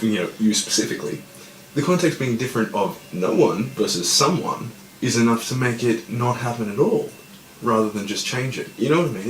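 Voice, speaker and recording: A man's voice: lowish voice, echoey room, slight background noise, poor audio. A stoned man in casual chat who rambles, swears a lot, and keeps losing his train of thought. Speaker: podcast co-host.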